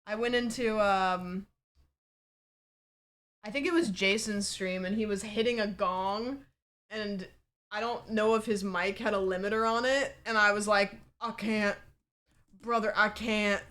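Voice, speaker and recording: A woman's voice: mid-range voice, fairly bright tone. A woman livestreamer chatting casually from a home setup, rambling and peppered with fillers and swearing.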